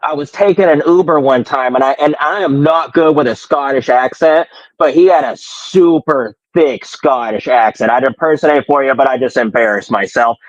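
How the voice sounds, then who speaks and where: A man's voice: medium pitch, moderate pace, no echo, dull audio. A man from Colorado with a slight country twang, a musician chatting casually on a podcast in a rambling, self-deprecating way. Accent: slight American country twang. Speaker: musician guest.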